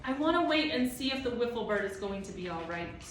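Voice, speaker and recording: A woman's voice: on the high side, expressive, brisk, slight background noise, pitched above the performer's own voice, natural voice. A woman reading aloud as a fierce young boy, angry and defiant. Her voice rings in a very echoey room. It is picked up from a distance. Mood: anxious. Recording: echoey room, mic far off.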